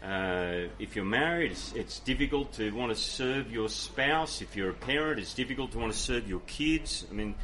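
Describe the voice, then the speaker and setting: A man's voice: mid-range voice, animated, moderate pace, hardly any pauses, pushed and bright. Irish guy preaching, chatty and earnest, lots of ums, slight hiss in the background. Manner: earnest, conversational, many fillers and restarts. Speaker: pastor. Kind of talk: sermon with audience questions.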